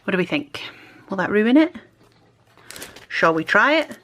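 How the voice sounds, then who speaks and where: A woman's voice: medium pitch, very animated, a little slow, fairly bright tone. A woman chatting casually as a stationery vlogger, self-deprecating and talking to herself while she works. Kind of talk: casual chat while crafting.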